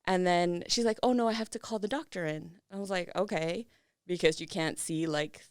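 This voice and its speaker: A woman's voice: on the low side, moderate pace, smooth, dry recording, studio quality. Chatty woman telling her story. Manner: animated retelling with acted quotes and laughs. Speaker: podcast guest. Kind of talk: casual interview storytelling.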